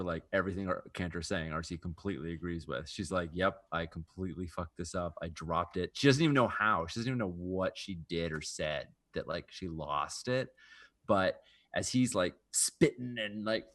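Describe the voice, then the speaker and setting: A man playing a tabletop game, describing his character haltingly. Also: low-pitched, a bit bright. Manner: halting, many fillers and restarts. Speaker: player. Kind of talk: casual tabletop game chat.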